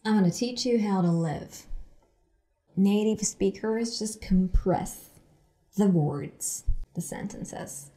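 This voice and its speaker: A woman teaching English from sitcom clips, explaining phrases slowly and repeating them for learners. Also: medium pitch, mellow. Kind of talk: explaining language lesson.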